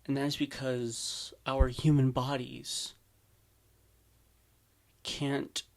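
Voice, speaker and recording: Slow, flat-voiced man reacting earnestly. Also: mid-range voice. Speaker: reaction host. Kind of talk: casual commentary.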